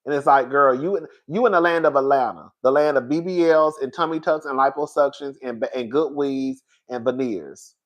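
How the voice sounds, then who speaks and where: Sassy guy doing a reality tv review, animated and chatty, laughs a lot. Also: mid-range voice, normal speed, hardly any pauses. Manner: animated, sassy, laughs often, addresses viewers as girl. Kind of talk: casual opinionated commentary.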